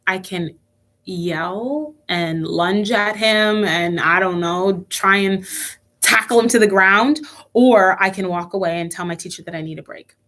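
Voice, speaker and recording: A woman's voice: mid-range voice, a little slow, a bit bright. A young woman leading a children's church lesson online, telling a personal story earnestly with frequent restarts.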